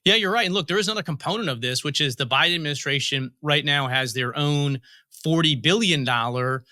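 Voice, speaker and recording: A man appearing as an interview guest who explains policy in a measured way, starting points with "look" and pausing on "uh". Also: a little high, pushed and bright, no echo, clean studio sound. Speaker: guest, federal commissioner. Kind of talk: interview answers, storytelling.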